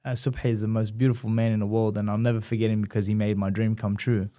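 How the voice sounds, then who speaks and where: A man's voice: fairly low pitch, fast talker. A man, a former boxer telling his story in a casual interview and acting out the voices in it. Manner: animated, acts out quoted voices.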